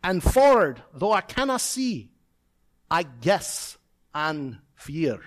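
A man putting on a Scottish accent to recite old Scots verse slowly, in the voice of a rueful farmer-poet. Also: fairly high pitch, sing-song. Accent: put-on Scottish. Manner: slow, measured verse recitation.

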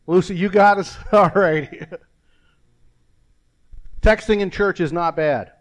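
An older man preaching a folksy, rambling sermon with a joke, pausing and restarting often. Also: high voice. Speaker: pastor.

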